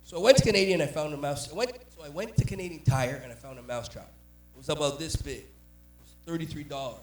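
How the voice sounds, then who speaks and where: A man from Jamaica, doing a stand-up comedy set with punchy storytelling and quick character voices. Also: fairly high pitch, slight background noise. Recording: roomy, distant mic.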